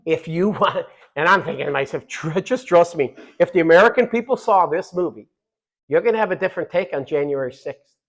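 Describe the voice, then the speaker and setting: Fiery middle-aged man, somewhat high-pitched voice, rally speech, loud punchy repetition with quiet asides. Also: a little fast, low-quality recording. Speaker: congressman giving a speech.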